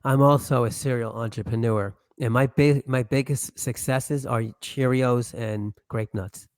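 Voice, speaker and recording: A man's voice: mid-range voice, fairly even intonation, a little slow, a little mellow, no room sound. A man chatting on a podcast in a joking, anecdotal way. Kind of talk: casual podcast chat.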